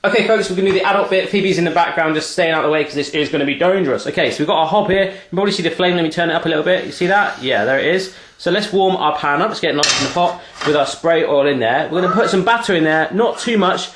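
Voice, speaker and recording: A man's voice: on the high side, quick pace, hardly any pauses, fairly bright tone, echoey room, a little hiss or hum. A man hosting a casual cooking demonstration in his home kitchen, chatty and teasing as he cooks alongside a child. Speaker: cooking show host.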